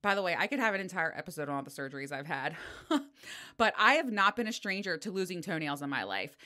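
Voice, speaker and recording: A middle-aged woman hosts her own podcast and talks through her week in a loose, foul-mouthed way. Her pitch swoops widely as she tells a story, and her voice has a bright, sharp edge. She laughs a lot between lines. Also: fast. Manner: animated and profane, laughs often. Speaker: podcast host. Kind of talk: casual solo podcast storytelling.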